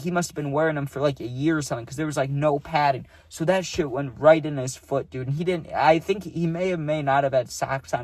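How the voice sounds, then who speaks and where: A man's voice: on the high side, darkish tone, no echo. A young man telling a spooky personal story in a casual, laid-back way, peppering his talk with "dude" and "right?".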